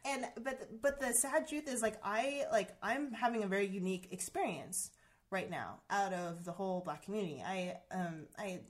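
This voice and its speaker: A woman's voice: medium pitch, moderate pace. Earnest woman telling a personal story. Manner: earnest, heavy use of "like" and "um", many restarts. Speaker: guest sharing a personal story. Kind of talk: emotional conversational storytelling.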